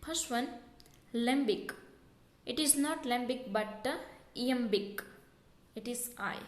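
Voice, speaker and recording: Slow, high-voiced woman teaching in an echoey room. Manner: slow, explanatory, repeats key points. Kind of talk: exam question walkthrough.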